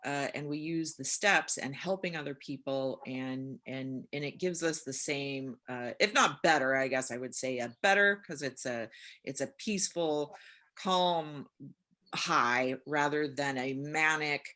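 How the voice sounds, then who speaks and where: Low-voiced bright candid woman. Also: unhurried. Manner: candid, rambling, self-mocking, animated retelling. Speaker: podcast co-host. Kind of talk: casual recovery chat.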